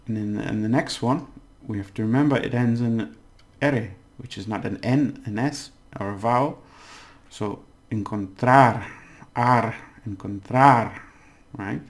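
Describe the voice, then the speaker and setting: A man teaching a casual language lesson, patiently breaking down words and slowly overpronouncing the examples. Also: mid-range voice, a little mellow.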